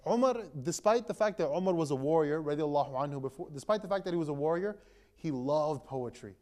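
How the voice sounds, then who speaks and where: A young man, an imam, retelling a story to a gathering in a relaxed, conversational way, full of fillers and restarts. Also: fairly high pitch, fast talker. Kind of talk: casual storytelling talk.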